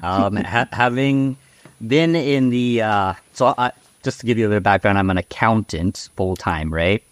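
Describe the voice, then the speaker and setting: A man with a lowish voice speaks at a moderate pace as a podcast guest, telling stories casually. He's frank and outspoken, rambling along with fillers and tag questions, and the recording is dry.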